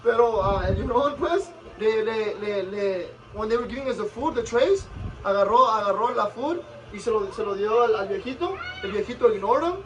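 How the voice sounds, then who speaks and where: A man's voice: high voice, brisk, a bit bright, recorded from a distance, lo-fi sound. A man vlogger casually retelling a story, switching back and forth between English and Spanish.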